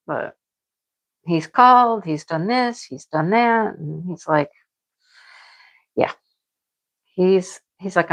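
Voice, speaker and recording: A woman's voice: on the low side, slow, low-quality recording. A middle-aged woman chatting casually to her viewers about her crochet projects, rambling and repeating herself. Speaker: crochet vlogger.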